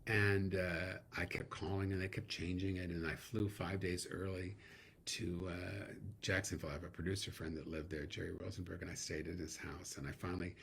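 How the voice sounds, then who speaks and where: A middle-aged man, a guest actor, telling animated stories in a casual interview, laughing now and then. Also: deep voice, fairly quick, gravelly, a little hiss or hum.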